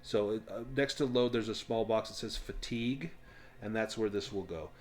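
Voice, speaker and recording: A man running a tabletop game as game master, explaining rules and narrating scenes in a relaxed way with frequent ums. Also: fairly low pitch, moderate pace.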